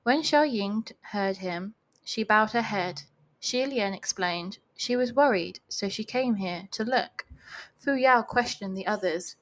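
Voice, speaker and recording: A woman's voice: on the high side, expressive, measured pace. A young woman reading a novel aloud at home, breaking off with chatty, giggly comments. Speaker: reader of a novel. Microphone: home voice recording.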